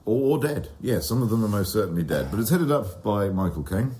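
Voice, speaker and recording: A man co-hosting a podcast in casual chat, with a dry, deadpan delivery. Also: lowish voice, brisk, slight background noise. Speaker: podcast co-host.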